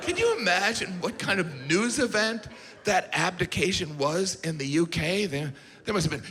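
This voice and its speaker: Deadpan standup guy on a big stage, voice bouncing around a lot, crowd noise behind. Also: high voice, normal speed. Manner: deadpan, mocking asides in put-on voices. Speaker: stand-up comedian. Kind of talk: stand-up comedy routine. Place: large theater stage before a live audience. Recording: live hall reverb with audience noise. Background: audience laughter.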